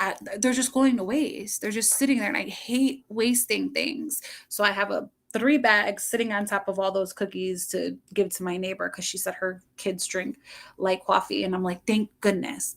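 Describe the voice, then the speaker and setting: A woman's voice: mid-range voice, creaky. A middle-aged woman chatting casually with viewers on a livestream from home, rambling and laughing often.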